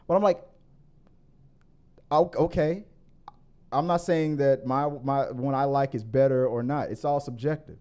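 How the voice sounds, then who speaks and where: A man chats casually about a film on his podcast, his voice mellow and warm at a mid pitch. He circles back, restarts and corrects himself often, then pushes harder as he makes his case. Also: normal speed, few pauses, smooth. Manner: rambling, many restarts and self-corrections; grows animated and higher when arguing. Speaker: podcast host. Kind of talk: casual movie review chat.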